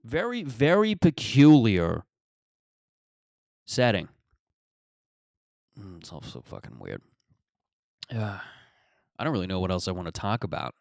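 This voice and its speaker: A man's voice: fairly low pitch, huge pitch swings, measured pace, gravelly, long pauses, a little mellow, no echo, studio quality. Profane, sarcastic man rambling dryly. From Mississauga, Canada. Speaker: podcast host. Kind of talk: rambling comic monologue.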